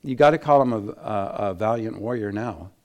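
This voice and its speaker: Animated male preacher teaching the Bible. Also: fairly low pitch, normal speed. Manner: animated, laughs, acts out quotes, frequent restarts. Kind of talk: sermon-style Bible teaching.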